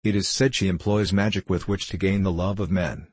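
A man's voice: sits low, fairly even intonation, brisk, slightly rough. A man voicing a cautious court eunuch who offers a warning.

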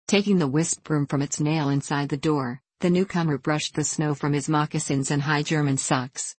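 Audiobook narrator, woman, low voice, dry close sound, steady measured read. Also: slightly rough, dry recording. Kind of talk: scripted narration.

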